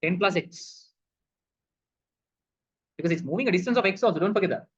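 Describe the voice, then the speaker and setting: A man's voice: high-pitched, lively intonation, a little fast, breathy edge. A male physics teacher walking through a problem, asking questions and answering them himself, calling the students "people". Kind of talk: recorded physics lesson. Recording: dull lo-fi recording.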